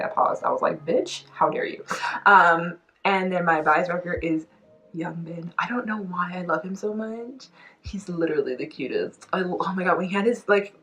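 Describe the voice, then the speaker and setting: A woman chatting straight to her camera in a gushing, excitable way, filling her sentences with "like." Her voice sits on the lower side for a woman. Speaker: YouTube reaction vlogger. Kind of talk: casual chat to camera.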